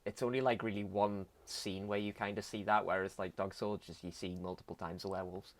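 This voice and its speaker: A man's voice: fairly low pitch, steady tone, a little fast. A man from England co-hosting a podcast who chats casually about films and drops short, wry remarks. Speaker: podcast co-host. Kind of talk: casual film chat.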